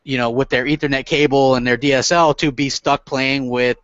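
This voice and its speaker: A man's voice: medium pitch, fairly even intonation, brisk, a bit bright, no echo. A man rambles casually on a podcast, full of fillers and restarts. The sound is dry and muffled. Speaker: podcast panelist. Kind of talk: casual chat. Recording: dull lo-fi sound.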